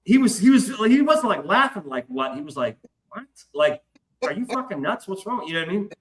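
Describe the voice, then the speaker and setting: A man's voice: high voice, big pitch swings, a little fast, fairly bright tone. A man hosting a podcast who tells a story in a casual, profane way and acts out the voices in his quotes. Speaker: podcast host. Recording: roomy echo.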